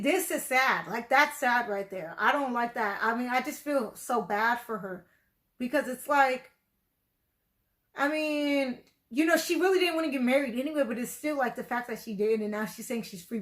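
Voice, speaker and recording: A woman's voice: a little high, normal speed, a bit bright. A woman giving casual reaction commentary on a TV episode, rambling and chatty, full of "like" and "you know". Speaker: video reactor.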